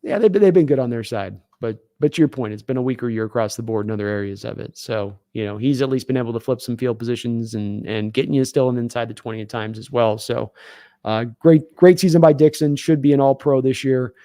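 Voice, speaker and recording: A man at middle pitch talks football in a loose, rambling way, circling back and restarting his sentences. The sound is dry and close, with no room around it. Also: fast talker, mellow, no room sound. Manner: rambling, many fillers and restarts. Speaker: podcast host. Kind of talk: casual sports talk. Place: home studio, live stream.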